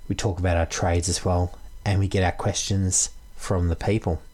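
A man's voice: deep voice, flat delivery, moderate pace, darkish tone. Matey man hosting a podcast. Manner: matey, upbeat, calls everyone mate. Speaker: podcast host. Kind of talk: casual podcast chat.

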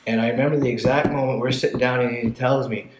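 A man telling his life story in a casual chat, blunt and profane, getting animated when he retells scenes. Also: medium pitch, fast, reverberant, low-quality recording.

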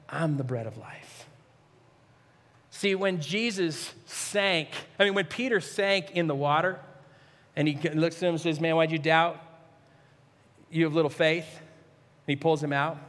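A male pastor preaching a sermon with earnestness, swinging from near-shouts to hushed, low asides. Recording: long reverb, echoey hall.

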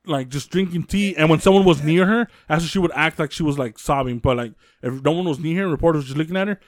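A man hosting a casual podcast, retelling a true-crime story in a loose, filler-heavy way with quick acted quotes. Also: fairly high pitch, dry recording, clean studio sound. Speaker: podcast host telling the case.

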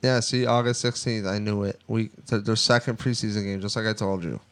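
Profane rambling podcast guy, smooth voice. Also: fairly low pitch, fairly even intonation, a little fast, fairly bright tone. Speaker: podcast co-host. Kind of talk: casual sports podcast chat.

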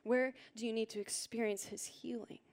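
A woman preaches to a congregation in a slightly high voice. She is earnest and gentle, and she often lets her words sink into a soft, breathy near-whisper. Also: level tone, normal speed. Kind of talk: sermon. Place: church hall with a congregation.

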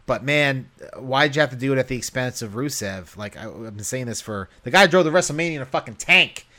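A man's voice: mid-range voice, animated, fairly quick, bright, forceful tone. Rambling man with a mid-range voice. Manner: rambling, with many fillers. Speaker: podcast co-host. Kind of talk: casual chat.

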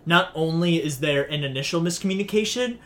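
A man co-hosting a casual chat, animatedly recapping a film's plot with quick asides. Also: a little high, fairly bright tone. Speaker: podcast co-host.

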